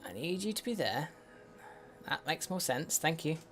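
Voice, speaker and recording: A man's voice: a little high, sing-song, normal speed, fairly bright tone. A man giving casual game commentary as a let's play host, muttering to himself with wry, sweary asides. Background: faint in-game music.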